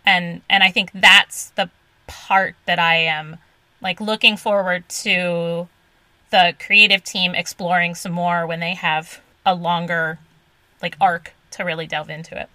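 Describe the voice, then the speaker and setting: A woman co-hosting a casual comics podcast, chatty and quick to laugh. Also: fairly low pitch, fairly even intonation, pushed and bright, no echo, low-quality recording. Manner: chatty, many "like" fillers, laughs easily. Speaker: podcast co-host.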